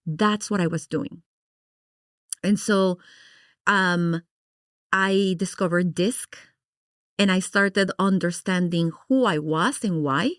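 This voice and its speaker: Expressive woman from Guatemala telling her story. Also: lowish voice, slow, long pauses, no echo, clean studio sound. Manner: expressive, animated, acts out her own past reactions. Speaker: podcast guest. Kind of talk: personal storytelling in an interview.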